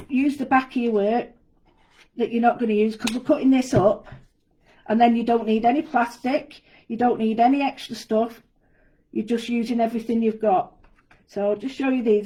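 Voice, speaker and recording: A woman's voice: on the high side, mellow, poor audio. A woman giving a chatty, step-by-step live craft demonstration from an indoor studio. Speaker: guest designer demonstrating a craft.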